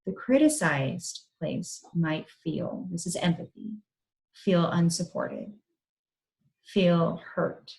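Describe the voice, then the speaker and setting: A woman in her thirties, a psychologist gently guiding listeners through a reflective exercise in an online talk. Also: fairly low pitch, slow, creaky, rough recording. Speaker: psychologist giving a parent talk.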